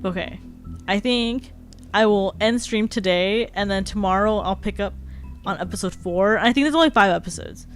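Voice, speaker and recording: A woman's voice: mid-range voice, normal speed. Chatty young woman streaming casually. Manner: chatty, rambling, heavy use of "like". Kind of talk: casual live-stream chat. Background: faint background music.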